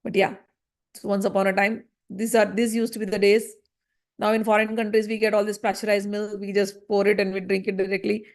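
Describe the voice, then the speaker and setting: A woman teaching a scripture lesson, telling the story in an animated way and acting out the voices in it. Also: medium pitch, fairly quick.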